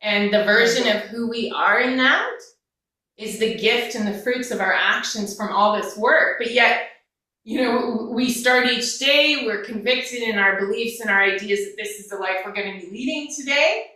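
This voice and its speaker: A woman speaks candidly and emotionally, as a life coach in relaxed conversation, with a casual curse here and there. Her voice is bright and a little high. She sits away from the mic in a strongly echoing room. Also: normal speed, distant mic.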